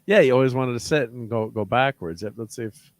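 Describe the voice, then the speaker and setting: A man hosting a casual chat with friends, easygoing and quick to laugh. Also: mid-range voice, no echo. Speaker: host.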